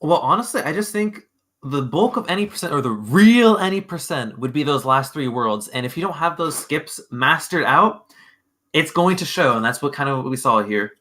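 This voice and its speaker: A man co-commentating a speedrun race, joking and relaxed. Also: a little high, normal speed. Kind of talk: live esports commentary.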